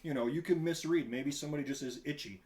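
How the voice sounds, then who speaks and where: Rambling, animated man in his thirties. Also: a little high, quick pace. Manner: rambling, animated, laughs often, likes doing voices. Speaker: podcast guest. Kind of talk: casual chat.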